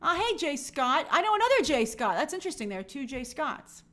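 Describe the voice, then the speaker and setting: Lively high-voiced woman hosting a stream. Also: fairly quick. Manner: upbeat, chatty, greets viewers warmly by name. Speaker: live stream host. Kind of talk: casual live stream chat, reading viewer comments.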